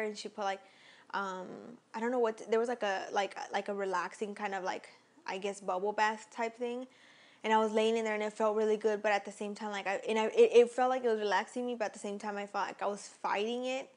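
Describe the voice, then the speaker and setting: A woman's voice: medium pitch, flat delivery, a little fast. A young woman vlogger telling a personal story in a casual, rambling way, full of fillers and restarts.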